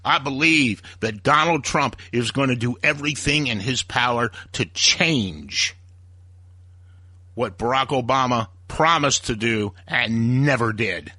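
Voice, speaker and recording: A man's voice: mid-range voice, measured pace, bright, forceful tone, no room sound, clean studio sound. A man hosting a talk radio show, delivering a heated, opinionated rant. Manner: ranting, heated, acts out quoted voices.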